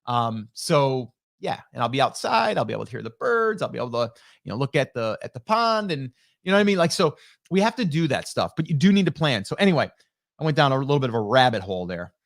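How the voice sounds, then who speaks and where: This middle-aged host talks fast in a sing-song, mid-range voice with vocal fry, rambling happily on a casual live stream as he reads chat and names viewers. He uses a broadcast dynamic studio mic.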